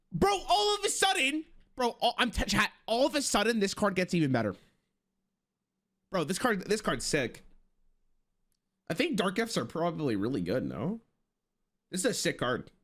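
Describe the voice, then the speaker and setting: Male streamer, slightly high voice, very animated pitch, excitable and profane while reviewing cards for chat. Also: moderate pace, pauses often. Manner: excitable, swears, thinks aloud. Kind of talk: casual live card review to chat.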